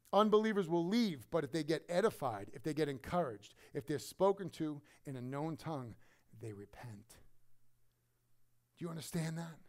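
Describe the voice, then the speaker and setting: A middle-aged man with a slightly high voice preaches a sermon as a pastor. He shares a personal story emotionally, his delivery swinging from loud emphasis to a hushed hush.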